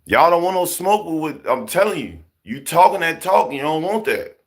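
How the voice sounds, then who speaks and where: A man's voice: a little high, normal speed. A man, giving casual, preachy commentary, repeating himself and firing rhetorical questions. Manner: animated, repetitive, rhetorical questions. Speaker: commentary vlogger.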